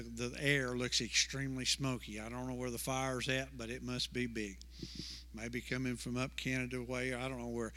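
A male pastor delivers a sermon in a church sanctuary, where the hall's reverb lingers long. His medium-pitched voice has a slightly bright tone, and he's emphatic, repeating words and asking rhetorical questions.

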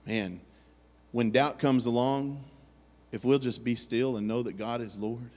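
Pastor, mid-pitched male, earnest storyteller who acts out quotes, long church-hall reverb. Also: fairly even intonation, measured pace, a little mellow. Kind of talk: sermon. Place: church sanctuary.

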